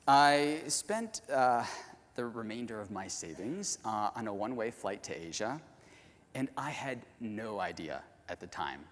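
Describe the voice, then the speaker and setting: A man giving a storytelling keynote talk at a conference, speaking to the audience directly and in an animated way. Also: mid-range voice. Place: large conference hall. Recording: long hall reverb.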